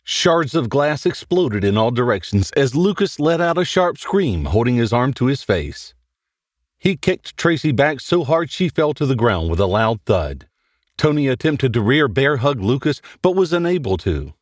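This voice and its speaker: A man hosting and narrating a horror story in a dramatic, animated reading. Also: medium pitch, moderate pace, no room sound, clean studio sound. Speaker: host and narrator.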